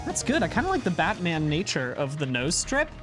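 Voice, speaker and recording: A man's voice: on the high side, wildly swooping pitch, a little fast. A man co-hosting a casual gaming show, chatting playfully and laughing often. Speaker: co-host. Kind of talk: casual chat while gaming. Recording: music playing under the voice.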